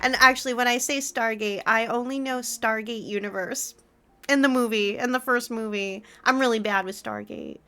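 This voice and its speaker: Giggly high-voiced young woman streamer. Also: fairly even intonation, moderate pace, clean tone. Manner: gushing, giggly, greets chat warmly. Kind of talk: casual live-stream chat.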